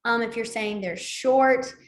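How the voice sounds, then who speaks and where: Woman, sign language instructor, casual class talk, rambling with fillers, a bit high-pitched, echoey room. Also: measured pace. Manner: chatty, rambling, many ums and likes. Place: library classroom.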